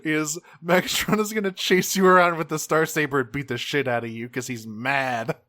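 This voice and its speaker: A man co-hosting a podcast, recapping an episode in a rambling, profane, animated way. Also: a little high, moderate pace, no room sound. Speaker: podcast co-host. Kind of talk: casual episode recap chat.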